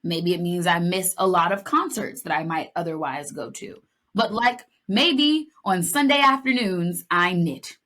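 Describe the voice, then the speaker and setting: A young woman co-hosting a podcast in casual chat, telling stories with lively acted-out lines and playful asides. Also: fairly low pitch, unhurried. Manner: animated storytelling, acts out lines, playful. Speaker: podcast co-host.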